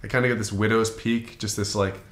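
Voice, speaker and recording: A man's voice: on the low side, little pitch movement, fairly quick, echoey room. A man on a casual comedy podcast, joking around, laughing often and trying silly accents. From Canada. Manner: jokey, laughs a lot, tries silly accents.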